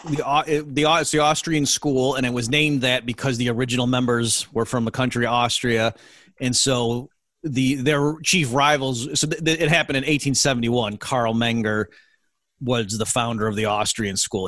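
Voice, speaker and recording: A man's voice: mid-range voice, a bit bright, no room sound. A middle-aged man, an economist guest in an interview, explaining his field in an earnest, lecturing way. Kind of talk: interview answers.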